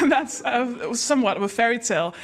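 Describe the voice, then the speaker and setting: A woman hosting a live storytelling night, telling self-mocking stand-up jokes with punchy deadpan timing. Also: fairly high pitch, normal speed. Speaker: host and stand-up comedian. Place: live stage before an audience.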